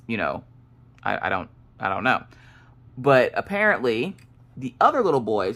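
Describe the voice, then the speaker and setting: Animated, sassy woman in her late thirties. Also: low voice. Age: 30s. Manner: animated, sassy, acts out quoted voices. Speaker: crafting vlogger. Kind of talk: casual storytelling chat.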